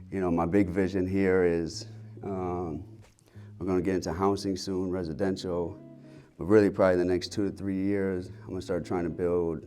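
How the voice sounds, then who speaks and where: A man's voice: sits low, mellow. A man in his thirties, a health center owner, candidly telling his personal story in a rambling way, with lots of fillers and casual swearing.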